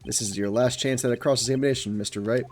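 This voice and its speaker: Man voicing a stern older courtroom judge, formal and measured, low. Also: fairly even intonation, darkish tone, a little hiss or hum, lightly acted.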